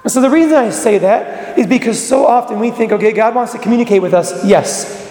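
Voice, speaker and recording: A man preaching a sermon, urging his listeners on and then dropping to a hush. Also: very high voice, fairly quick. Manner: earnest, exhortative, with sudden drops to a hush. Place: church. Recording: echoey church with long reverb.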